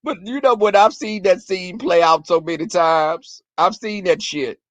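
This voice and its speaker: A man telling crude stories in a casual rant to his viewers, profane and animated, acting out quarrels in a shrill voice. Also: a little slow, dry recording, muffled recording.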